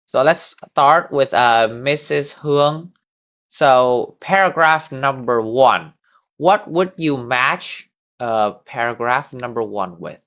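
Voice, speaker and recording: A man's voice: mid-range voice, takes it slowly, fairly bright tone. A man teaching an English class over a video call, patiently drilling words and having students repeat them. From Vietnam. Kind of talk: online class instruction.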